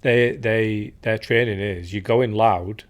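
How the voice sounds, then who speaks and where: A man with a fairly low voice hosts a casual chat. He backs his guest up with frequent quick agreement and adds his own short points. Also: fairly even intonation. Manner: supportive, frequent "yeah yeah" backchannel. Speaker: podcast host.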